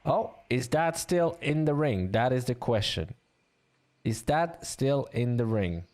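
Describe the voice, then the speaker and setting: A man commentating an online game league, chatty and bantering with viewers, with a voice getting a bit rough. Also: medium pitch, slow. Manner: chatty, animated, laughs and banters with chat.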